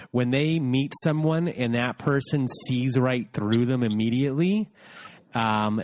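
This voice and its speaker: A man's voice: medium pitch, a little mellow. A man hosting a podcast interview, explaining ideas and asking leading questions with hesitant fillers. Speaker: podcast host. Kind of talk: interview conversation.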